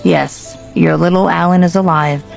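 A woman voicing a young man, a gentle son who speaks in a soft, reassuring way. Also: on the low side, steady tone, normal speed, gravelly, faint music behind.

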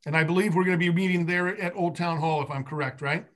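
Slightly high-voiced man at a meeting. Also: steady tone, a bit bright. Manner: halting, restarts, many fillers. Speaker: financial consultant. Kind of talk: business meeting talk.

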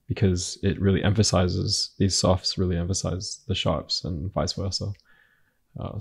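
Low gravelly male art instructor. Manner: relaxed, thinking aloud with many fillers and restarts. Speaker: painting instructor. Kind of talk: narrated screen-recorded art lesson.

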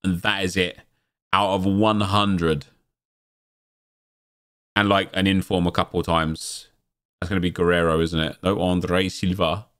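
A man hosting a gaming channel, chatting casually and breaking into excited exclamations as he comments on opening game packs. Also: low-pitched, a little slow, long pauses.

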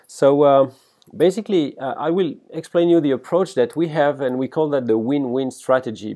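French-accented male professor, mellow voice. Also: medium pitch. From France. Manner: halting, many fillers and restarts. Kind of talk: recorded workshop lecture.

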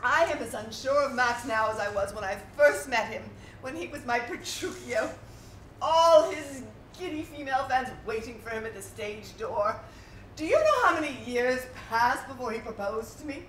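An actress playing a vain, insecure stage star who is tipsy, speaking in a theatrical, self-mocking, giggly way. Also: female voice, a little high, expressive, normal speed, fairly bright tone, slight background noise. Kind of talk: live stage play acting. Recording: roomy stage sound from a distant mic.

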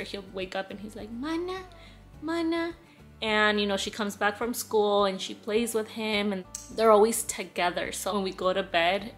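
A young mother talks straight to her vlog viewers in a casual, gushing way, her voice sitting at an ordinary middle pitch. She gets emotional and circles back to the same happy words again and again. Faint music plays quietly behind her. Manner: emotional, gushing, repeats herself. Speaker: family vlogger, mother.

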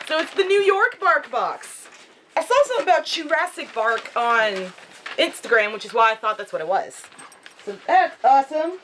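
A woman vlogging a casual unboxing at home, chatty and excitable, cooing at her dogs. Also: high-pitched, moderate pace, a little hiss or hum.

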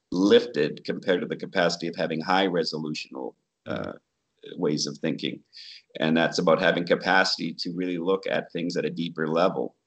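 A man being interviewed as a guest, musing aloud, searching for words and laughing often. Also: sits low. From Canada. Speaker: guest, Bigfoot researcher. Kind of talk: casual interview chat.

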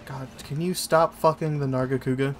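A man playing a game with a friend, chatting casually, swearing, laughing and arguing loudly. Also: medium pitch, normal speed, faint music behind. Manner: excitable, swears and laughs a lot, argues loudly. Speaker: co-op game player. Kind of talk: casual gaming banter.

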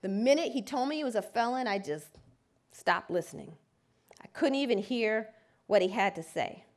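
A woman's voice: a little high, animated, moderate pace. A woman lawyer giving a lecture, telling a personal story vividly and dramatically. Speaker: civil rights lawyer and speaker.

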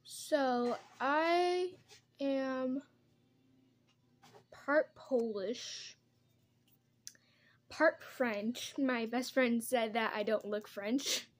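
Slow-talking high-voiced young woman. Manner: chatty, rambling while doing makeup. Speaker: vlogger. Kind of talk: casual get-ready-with-me chat.

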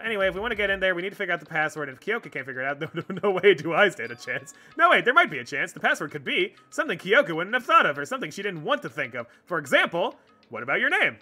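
A man's voice: on the high side, bright, forceful tone. A man streaming a video game, reading the dialogue aloud and joking, swearing and laughing often. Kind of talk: let's play commentary.

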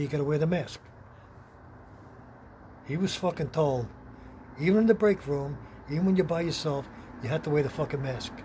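Gruff swearing New man. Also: on the high side, a little mellow. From Long Island, New York. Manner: blunt, heavy swearing, gruff. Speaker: storyteller. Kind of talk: rambling profane anecdote. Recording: noisy background with vehicle sounds.

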